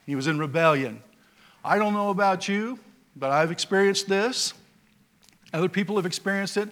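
Preaching at a moderate pace, this pastor tells stories in a homespun way and leans on verbal fillers. He shifts back and forth between booming, emphatic statements and hushed side remarks, his voice pitched somewhat high for a man.

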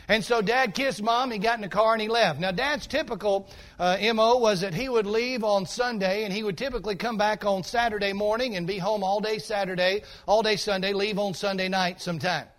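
A man with a high voice for a male preacher tells a sermon story from the pulpit. He is folksy and animated, and he keeps drawing the congregation in with asides. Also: brisk. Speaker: pastor.

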